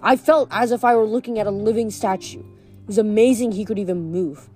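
A woman's voice: medium pitch, a little fast, a little mellow, faint music behind. A woman reading a novel aloud, now and then stumbling over words and correcting herself. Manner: occasional stumbles and self-corrections. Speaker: reader.

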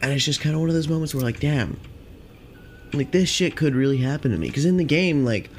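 A young man hosting a podcast, rambling casually and profanely with lots of filler, and high on cannabis. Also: lively intonation, fairly quick, a little mellow, slight background noise. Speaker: podcast host.

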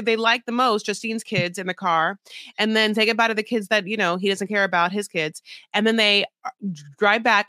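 A woman's voice: medium pitch, bright, forceful tone, no echo, studio quality. A woman co-hosting a podcast, recapping reality TV in a rambling, frank chat full of "like" and swearing. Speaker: podcast co-host.

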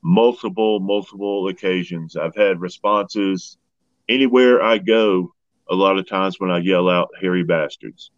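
A man's voice: deep voice, steady tone, measured pace, no room sound, muffled recording. A plain-spoken man, telling his story as a guest. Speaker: guest researcher. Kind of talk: casual storytelling.

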